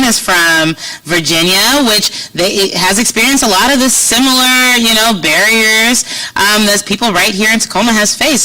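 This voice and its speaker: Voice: medium pitch, sharp tone, far from the mic, rough recording. An enthusiastic presenter talking informally while introducing the next speaker on stage. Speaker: event presenter.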